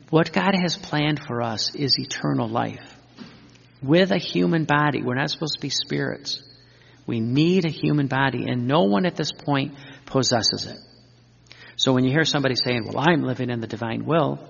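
A man's voice: medium pitch, lively intonation, normal speed, vocal fry, a bit bright, slightly rough, in a large hall, highs cut off. A man teaching in an earnest sermon style, repeating phrases and quoting scripture. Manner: earnest, repetitive, quotes scripture. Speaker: religious teacher.

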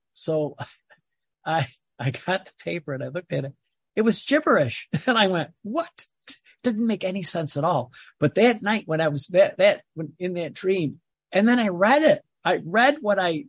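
A man leads an informal devotional talk, reading passages aloud and unpacking them as he goes. His voice is husky and pitched a little high. He rambles, restarts his phrases and repeats words, and the sound is dry and close. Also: dry recording. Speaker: religious teacher.

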